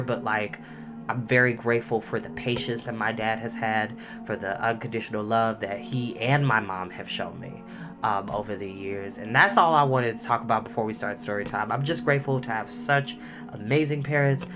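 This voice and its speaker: A man's voice: on the low side, normal speed, over music. A young man talking to camera as a storytime host, emotional and heartfelt, chatty and full of fillers. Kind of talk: personal talk to camera.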